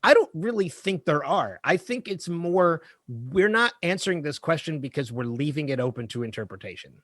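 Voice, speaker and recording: A male podcast co-host chatting casually, his voice pitched a little high and full of swooping inflection. He rambles and restarts his thoughts as he goes. The sound is close and dry, with no room around it. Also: normal speed, dry recording. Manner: animated, rambling, self-correcting. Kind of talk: casual chat.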